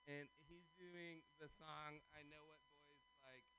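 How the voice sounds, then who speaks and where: A man performing stand-up at an open mic, talking fast and working the crowd. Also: fairly high pitch, steady tone, bright, forceful tone, slight background noise, low-quality recording. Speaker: stand-up comedian.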